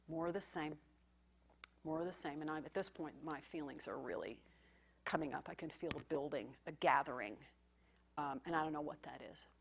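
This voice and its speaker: A woman therapist giving a conference talk, speaking in an intimate, reflective way that often drops to a near-whisper. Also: low voice. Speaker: psychotherapist presenting case material.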